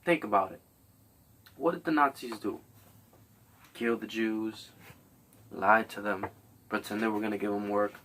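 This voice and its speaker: A man's voice: on the low side, measured pace, pauses often, fairly bright tone, recorded from a distance, slight background noise. A man hosting a podcast, delivering a rambling, blunt, profane comedic monologue. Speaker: podcast host.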